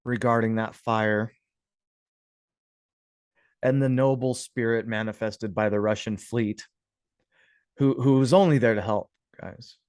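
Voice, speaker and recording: A man's voice: on the low side, fairly even intonation, a little slow, long pauses, a little mellow, clean tone, dry recording, studio quality. A man casually commenting on old images and clippings, musing aloud, with sarcastic asides and frequent chuckles. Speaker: history video host.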